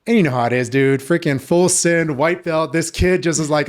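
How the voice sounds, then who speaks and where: His voice sits on the high side, a little mellow, moving at a moderate pace with few pauses. He's a jiu-jitsu coach on a podcast, rambling through casual stories with plenty of fillers and offhand swearing.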